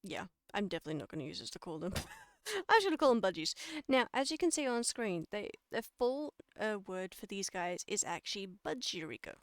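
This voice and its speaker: An Australian woman streamer giving a casual lecture to her chat, chatty and quick to laugh at and correct her own slips. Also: mid-range voice, lively intonation, dry recording, clean studio sound.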